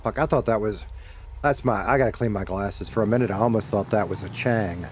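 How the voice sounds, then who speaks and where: A man's voice: lowish voice, a little fast, a little mellow, a little hiss or hum. A middle-aged man streaming a game from home, chatting casually with viewers, rambling and swearing as he corrects himself. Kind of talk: casual chat while gaming.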